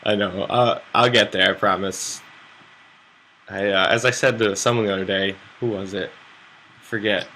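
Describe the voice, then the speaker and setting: A man's voice: lowish voice, steady tone, normal speed, pauses often, sharp tone, slight background noise. A young American man streaming poker, chatting to viewers in a loose, rambling way and swearing freely. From United States. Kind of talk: casual live-stream chat to viewers.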